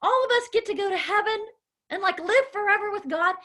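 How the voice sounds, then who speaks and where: Upbeat woman teaching kids a bible lesson, encouraging, really high bright voice. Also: brisk. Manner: animated, encouraging, calls on children by name. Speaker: children's ministry teacher.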